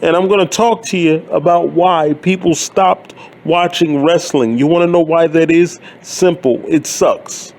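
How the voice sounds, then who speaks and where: Guy in his 30s ranting, high voice, slow and blunt, swears a lot, sarcastic. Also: darkish tone. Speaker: wrestling commentary YouTuber. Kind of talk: profane ranting monologue.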